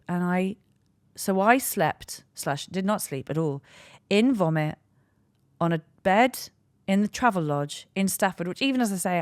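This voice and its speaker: A woman in her thirties, low-voiced, works as a podcast host and stand-up comedian. Telling a story with frank, self-mocking humour, she rambles and restarts sentences like a comic podcast host. The recording is dry and close on a studio mic with no room sound.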